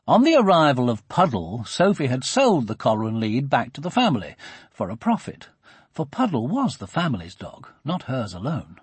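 A man narrating a children's storybook in an expressive, animated reading. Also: medium pitch, moderate pace, husky, no echo.

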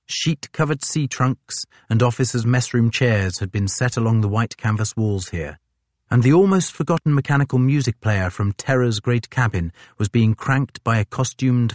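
A man narrating a novel as an audiobook, in a measured, descriptive storytelling manner. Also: fairly low pitch, no room sound.

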